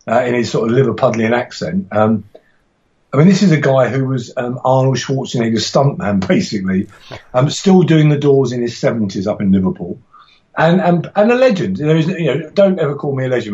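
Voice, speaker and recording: A man's voice: medium pitch, lively intonation, brisk, a little mellow, lo-fi sound. A middle-aged man, a martial arts instructor and author, telling stories in a podcast interview with enthusiasm and frequent restarts.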